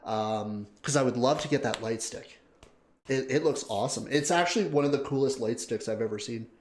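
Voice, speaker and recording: A man hosting a live stream, chatting casually and excitedly. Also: medium pitch, a little fast. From Canada. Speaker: live-stream reaction host. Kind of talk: casual live-stream chat, greeting viewers. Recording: roomy echo.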